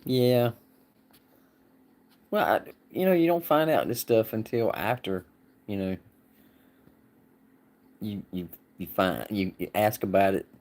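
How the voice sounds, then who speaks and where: A man's voice: fairly low pitch, takes it slowly, pauses often, a little mellow. Folksy man chatting. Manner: rambling, laughs often, folksy. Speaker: livestream host. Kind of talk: casual livestream chat answering viewers.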